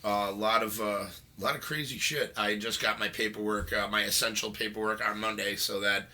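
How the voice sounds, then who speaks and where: A man's voice: lowish voice, steady tone, brisk, bright, forceful tone. A young man hosting a casual podcast, rambling with lots of fillers and frequent laughs. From New York. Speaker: podcast host. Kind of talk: casual chat.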